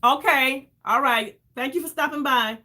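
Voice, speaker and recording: A woman telling an emotional story to her viewers in a casual, animated way, calling them y'all and acting out what others said. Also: high voice, measured pace. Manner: animated, addresses viewers as y'all, acts out quoted voices. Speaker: vlogger.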